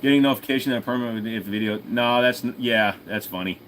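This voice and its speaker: A man's voice: mid-range voice, fast, a bit bright, a little hiss or hum, low-quality recording. A man hosting a casual livestream Q&A, reading out viewer comments and answering them in an offhand, profane way. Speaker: host.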